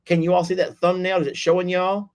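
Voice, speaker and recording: A man hosting a livestream, chatting warmly with callers in a folksy, effusive way. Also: sits high, little pitch movement, fast. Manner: folksy, effusive, lots of y'all and sweetie. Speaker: livestream host. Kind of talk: casual chat with callers.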